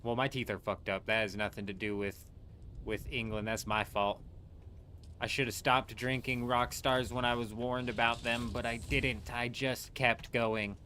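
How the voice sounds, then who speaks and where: Man, game streamer, rambling live chat, casual swearing, mid-pitched voice, faint noise behind. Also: steady tone, moderate pace, bright, forceful tone. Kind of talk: casual livestream chat while gaming.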